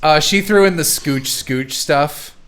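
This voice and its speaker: A man's voice: a little high, takes it slowly, a bit bright. A man hosting a casual livestream chat, retelling stories with lots of laughter and quoted voices. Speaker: show creator and stream host.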